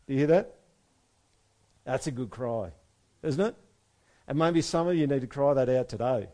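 A man's voice: a little high, expressive, normal speed, pauses often, mellow. A man giving a conversational Bible talk who asks his listeners direct questions and acts out what ordinary people might say. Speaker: preacher.

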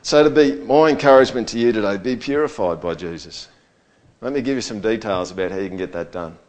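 Conversational preacher. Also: male voice, expressive, fast. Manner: conversational, checks in with the audience, swings from low to loud. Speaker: pastor. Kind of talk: sermon.

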